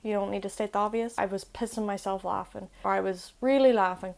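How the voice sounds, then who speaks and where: A woman's voice: mid-range voice, normal speed, gravelly, few pauses. A young woman hosting a casual language lesson, with chatty, self-deprecating asides. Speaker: language video host.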